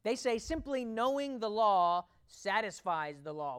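A preacher addressing a congregation in a sermon, voice sitting in a middle pitch. The delivery is emphatic, full of rhetorical questions, dropping to near-hushed lines and rising again. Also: expressive, a little slow, hardly any pauses, clear, resonant tone. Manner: emphatic, rhetorical questions, swings between loud and quiet. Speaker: pastor.

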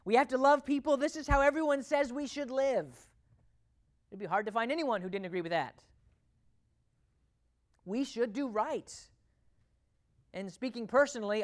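A pastor preaching a sermon to a congregation, emphatic, asking rhetorical questions and swinging between loud and quiet delivery. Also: mid-range voice.

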